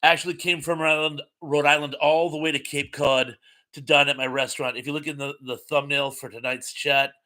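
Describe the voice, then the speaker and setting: A man's voice: on the high side, flat delivery, brisk, sharp tone. An older man hosting a live stream, chatting casually and reading viewer comments aloud with plenty of ums and asides. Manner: chatty, rambling, reads comments aloud with fillers. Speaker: host.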